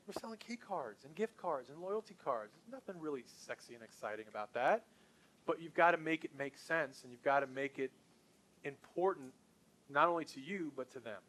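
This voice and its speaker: A man's voice: a little high, fairly bright tone. A middle-aged man leading a sales training session for a group, talking in an enthusiastic, punchy, conversational way.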